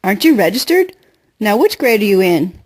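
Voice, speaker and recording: This audiobook reader, a woman with a husky, darkish, mid-range voice, performs very animatedly. She portrays a playful, self-assured girl whose speech is fast, bubbly, chatty and teasing.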